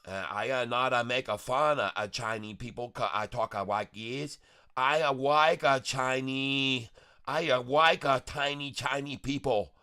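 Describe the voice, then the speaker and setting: A man's voice: medium pitch, measured pace, bright, forceful tone, smooth, pitched above the performer's own voice. A man voicing a boastful male character with a put-on Taiwanese accent and broken grammar, as a silly livestream bit. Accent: put-on Taiwanese-accented English.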